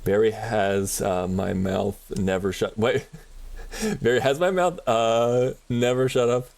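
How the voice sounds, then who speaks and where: Chatty low-voiced male streamer. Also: takes it slowly, vocal fry, darkish tone. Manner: rambling, chatty, laughs often. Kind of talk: casual chat while gaming.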